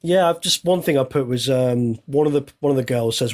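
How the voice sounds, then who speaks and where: A man's voice: mid-range voice, fairly even intonation, brisk, darkish tone. A man co-hosting a film podcast in casual chat, wry and amused. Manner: wry, amused, laughs through his points. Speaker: podcast co-host.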